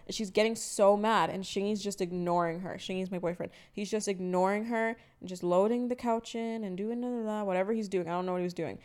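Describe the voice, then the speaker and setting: Young woman, podcast co-host, casual chat, animated storyteller, smooth clear voice. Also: mid-range voice, fast, few pauses. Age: 20s. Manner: animated storytelling, acts out quotes.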